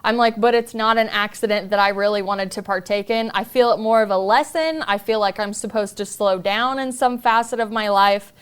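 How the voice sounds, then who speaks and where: A woman's voice: mid-range voice, fairly quick, few pauses, clean tone. A woman podcast host telling a personal story in an earnest, confiding way.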